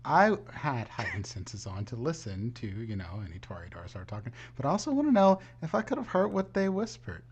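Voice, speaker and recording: A man with a husky voice playing a tabletop role-playing game. His pitch moves a lot as he questions the storyteller and throws in quips. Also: big pitch swings, a little fast, hardly any pauses, lo-fi sound. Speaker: player.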